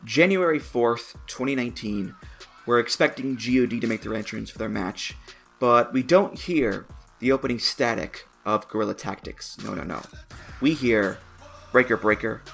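A man's voice: mid-range voice, normal speed, vocal fry, soft background music. Enthusiastic male podcast host. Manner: enthusiastic, animated storytelling. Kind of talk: casual podcast chat.

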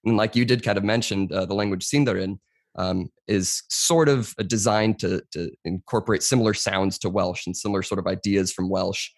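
A man's voice: low voice, fairly quick, dry recording, clean studio sound. A young man speaking as a podcast guest, explaining at length in a casual conversation and often saying "you know".

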